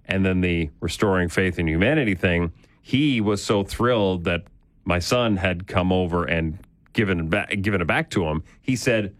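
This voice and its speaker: A man co-hosting a morning radio show, telling a story in a relaxed, chatty way and laughing easily. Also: deep voice, moderate pace, dry recording. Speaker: radio co-host. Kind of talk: casual morning radio chat.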